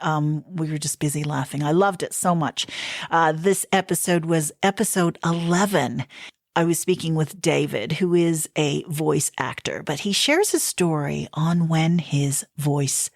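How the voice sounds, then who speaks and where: A woman's voice: sits low, dry recording, studio quality. A woman hosting a podcast, narrating recaps and interviewing guests, laughing easily. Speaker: podcast host.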